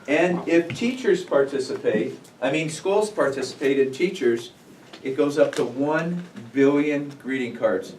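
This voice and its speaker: A man's voice: fairly high pitch, a little slow, darkish tone. A man hosting a club meeting, chatty and upbeat as he introduces the speakers. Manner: upbeat, chatty, laughing at himself. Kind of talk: casual emceeing. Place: meeting room. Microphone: room mic from a distance. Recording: echoey room, distant mic, background noise.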